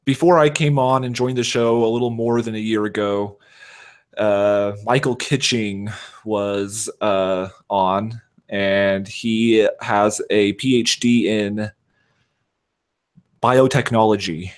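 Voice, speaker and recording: A man's voice: fairly low pitch, steady tone, slow pace. A man chatting casually as a podcast guest, rambling with lots of fillers and poking fun at himself. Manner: rambling, self-deprecating, many fillers. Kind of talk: casual chat.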